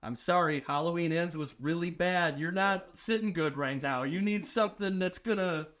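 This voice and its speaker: A man in casual podcast chat, animated, acting out quoted dialogue and filling with "like". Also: fairly high pitch, normal speed. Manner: heavy use of filler "like".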